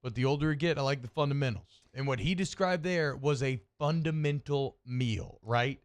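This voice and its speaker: A man's voice: mid-range voice, moderate pace. A man co-hosting a sports radio show, chatting casually and ranting with rising energy. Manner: animated, rambling, rants with rising energy.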